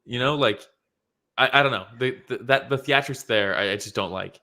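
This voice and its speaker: A man's voice: mid-range voice, normal speed, pushed and bright. A man co-hosting a casual chat show, blunt and openly salty, swearing freely. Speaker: podcast co-host.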